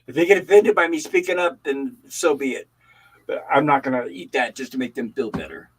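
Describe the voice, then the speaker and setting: An older man hosting a livestream, chatting casually and telling animated stories. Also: medium pitch, fairly quick, husky, poor audio. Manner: animated storytelling. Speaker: livestream host. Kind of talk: casual chat.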